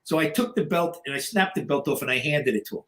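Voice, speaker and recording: A man's voice: a little high, lively intonation, fast talker, a bit bright. Blunt, profane man in his sixties. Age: 60s. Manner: blunt and profane, with many "you know" fillers; acts out other people's voices in his stories. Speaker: podcast guest. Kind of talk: casual storytelling.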